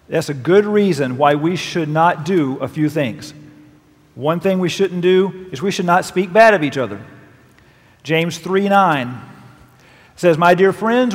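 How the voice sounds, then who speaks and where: A male pastor preaching a sermon, reading scripture verses aloud with emphatic, lively delivery. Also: fairly high pitch. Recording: long reverb of a large hall.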